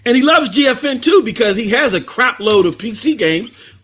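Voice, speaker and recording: A middle-aged man, hosting a casual live gaming stream, animated and repetitive, laughing often. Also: very high-pitched, normal speed, husky, soft background music.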